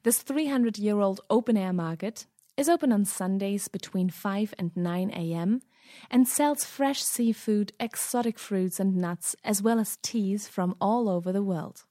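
A woman's voice: mid-range voice, measured pace, mellow, dry recording, studio quality. A woman, the show's cultural correspondent, reading a cheerful scripted travel segment in a language lesson.

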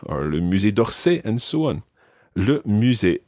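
A man hosting a language-learning podcast, teaching patiently and modelling words clearly for the listener. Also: lowish voice, very animated, moderate pace, darkish tone, no echo, studio quality. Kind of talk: language lesson with an ad read.

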